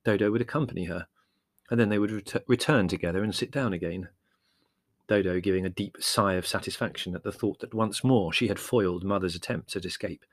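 A man's voice: deep voice, no echo. Dry, wry male audiobook narrator. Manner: wry, measured storytelling.

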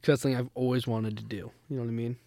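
Young male co-host, middle pitch, dry close mic, teasing and quick to laugh. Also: level tone, vocal fry, dark tone, dry recording. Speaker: podcast co-host. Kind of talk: casual chat between brothers.

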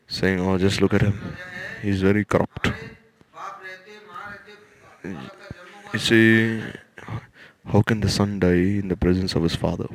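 Low, flat-voiced man giving a sermon. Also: low-quality recording. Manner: measured, repeats and restarts phrases. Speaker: religious speaker. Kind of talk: scriptural storytelling lecture.

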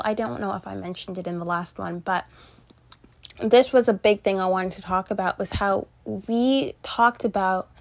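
A young woman hosting a podcast, chatting in a casual, rambling way with lots of fillers and restarts as she tells a personal story. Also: medium pitch. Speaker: podcast host.

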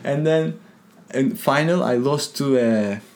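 Animated man telling a fight story. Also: medium pitch, slow pace. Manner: animated, acts out quotes, non-native grammar. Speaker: guest, jiu-jitsu competitor. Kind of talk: casual storytelling interview.

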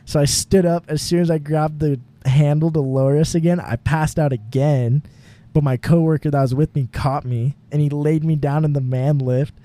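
A man's voice: fairly high pitch, fairly even intonation, moderate pace, mellow. A young man co-hosting a podcast, telling a long rambling story in casual chat, full of fillers and laughing often. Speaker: podcast co-host. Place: home garage.

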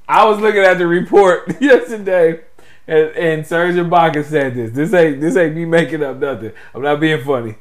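A man's voice: a little high, normal speed. Laughing man in casual sports talk. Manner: laughs often, animated. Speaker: podcast co-host.

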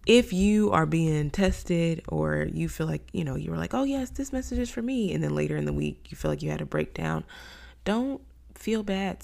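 Low gravelly woman podcaster. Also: darkish tone. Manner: candid storytelling, acts out her own quoted thoughts. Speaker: podcast host. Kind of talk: faith-based podcast monologue.

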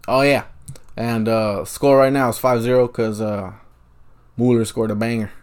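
Speaking into a handheld microphone, a male podcaster offers loose, foul-mouthed commentary on a football match he's watching. His mid-range voice shifts from easygoing remarks to sudden excited yelps.

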